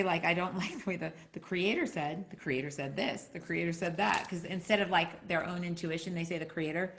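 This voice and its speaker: A woman teaching a casual spiritual class, rambling with many filler words and jumping into lively quoted voices. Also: medium pitch, a little hiss or hum. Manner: animated, acting out quotes with a jumping voice.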